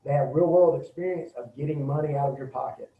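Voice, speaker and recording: Guy teaching self defense, kinda high voice, dull lo-fi sound, echoey room. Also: a little hiss or hum. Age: middle-aged. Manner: folksy, demonstrative, acts out quick quoted bits. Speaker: martial arts instructor. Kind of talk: casual safety talk to an audience. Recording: roomy, distant, dull lo-fi sound.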